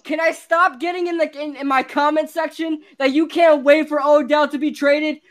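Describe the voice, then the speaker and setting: A woman's voice: high voice, steady tone, normal speed. A woman hosting a live sports podcast, ranting in exasperation and repeating herself. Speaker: podcast host.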